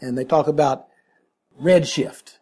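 A man's voice: fairly high pitch, fairly even intonation, measured pace, a little mellow, husky. A middle-aged man preaching a sermon, reading scripture and then explaining it in an earnest, conversational teaching manner. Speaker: pastor.

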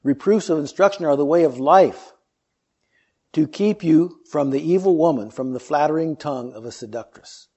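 A man's voice: a little high, a little mellow, breathy edge. Earnest male preacher, lo-fi sound. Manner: earnest, measured, rhetorical questions. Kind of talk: sermon with scripture reading.

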